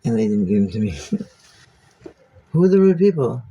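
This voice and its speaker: A man's voice: fairly low pitch, very animated, unhurried, mellow, slightly rough, highs cut off. A man talking casually on a phone livestream, musing aloud, rambling and swearing freely.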